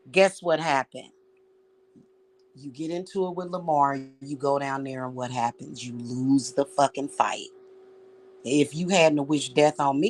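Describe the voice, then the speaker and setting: A woman vlogger delivering an angry, profane rant straight at someone, repeating her words as she talks. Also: sits low. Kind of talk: angry direct-address rant.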